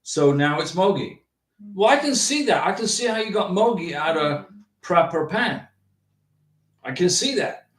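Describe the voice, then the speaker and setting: A man hosting a livestream, chatting casually and reading out viewer comments in an animated, rambling way with many restarts. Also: sits high, normal speed, pauses often, recorded from a distance. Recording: roomy echo, from off the mic.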